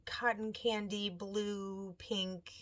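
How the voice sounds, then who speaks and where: A woman in her thirties chats casually to her viewers about her knitting projects. She tells her stories in an animated way, quoting people in lively voices. Her voice sits in a middle pitch. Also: very slow. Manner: chatty, animated storytelling with quoted voices. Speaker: knitting podcast host. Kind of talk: casual chat.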